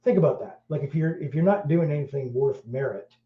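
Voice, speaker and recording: A middle-aged Welsh man hosts a podcast, chatting casually in a blunt, crude way and rambling with plenty of fillers. His voice is fairly high and brisk. The recording sounds roomy, dull and lo-fi.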